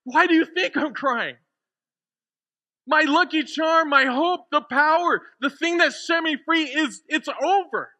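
A man's voice: extremely high pitch, measured pace, bright, forceful tone, voice pushed up, heavily acted. A man acting out a grieving woman at an empty tomb, speaking with passion and crying out in disbelief. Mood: despairing. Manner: impassioned, cries out in disbelief.

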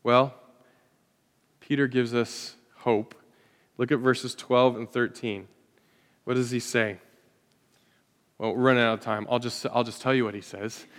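A man preaching a sermon to his congregation, swinging from loud rhetorical questions to hushed, quiet lines. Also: medium pitch, fairly even intonation, a little slow, pauses often. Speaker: pastor. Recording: hall reverb.

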